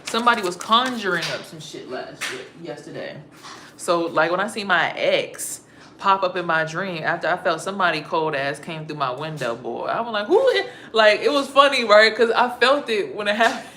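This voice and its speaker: A young woman telling a story to her viewers in a casual, profane and animated way, acting out her own startled reactions. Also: on the low side, normal speed, a little hiss or hum. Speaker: spiritual vlogger.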